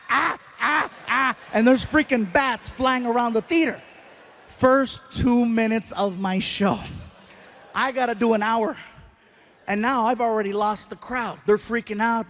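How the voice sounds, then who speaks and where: A man performing stand-up, telling an animated, self-deprecating story with quick asides. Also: very high-pitched, slight background noise. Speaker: stand-up comedian.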